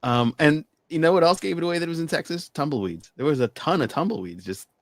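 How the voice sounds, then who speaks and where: A man co-hosting a casual chat, laughing often and telling things in an animated way. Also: a little high, fast, no echo. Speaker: podcast co-host.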